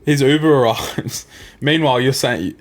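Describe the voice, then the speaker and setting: A man's voice: medium pitch, normal speed. Sweary young man telling stories. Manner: sweary, animated storytelling. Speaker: podcast co-host. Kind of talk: casual banter.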